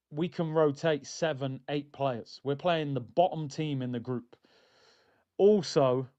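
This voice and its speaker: Chatty opinionated football fan streamer. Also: male voice, a little high, darkish tone, muffled recording. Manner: chatty, opinionated, slangy, calls the audience "people". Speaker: host of a football watchalong stream. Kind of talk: casual fan chat.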